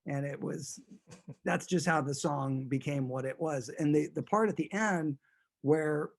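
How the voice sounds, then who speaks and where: A man tells a story as a guest in a relaxed interview. He rambles with an amused air and often restarts his sentences. His voice sits a little high for a man. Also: unhurried, creaky.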